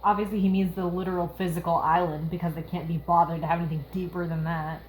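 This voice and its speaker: A woman's voice: fairly low pitch, little pitch movement, fast talker, hardly any pauses, a little mellow, slight background noise, low-quality recording. A young woman giving casual critical commentary, ranting with exasperated sarcasm. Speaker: video essayist.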